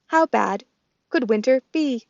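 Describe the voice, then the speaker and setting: A woman voicing a gentle female robot mother who speaks slowly and formally, without contractions. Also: fairly high pitch, lively intonation, gravelly, no room sound, dull audio, voice pushed up. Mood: calm tender. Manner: slow, measured, formal speech without contractions.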